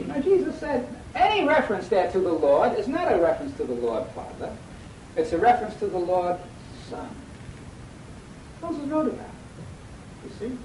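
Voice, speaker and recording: A man's voice: measured pace, long pauses. A man preaching a sermon, reading scripture aloud and quizzing his listeners to finish the verses. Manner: acts out lively quoted voices. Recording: echoey hall, mic at a distance, faint rumble.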